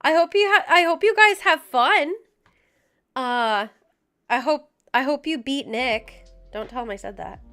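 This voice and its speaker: Young woman streamer, high lively voice, unhurried chatty delivery, faint music underneath. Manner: chatty, giggly, reads out viewer names. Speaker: livestream host. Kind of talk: casual chat with viewers. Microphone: desk mic with headphones.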